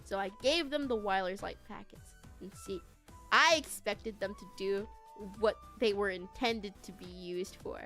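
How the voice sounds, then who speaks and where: A woman streaming as a VTuber, telling a story to her chat in a casual, animated way, laughing and swearing freely. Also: medium pitch, a little slow, soft background music.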